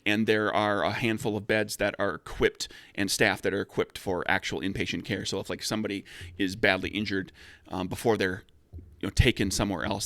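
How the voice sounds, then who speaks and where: A man narrating as game master of a tabletop role-playing game, halting and full of fillers. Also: on the low side, pushed and bright, dry recording.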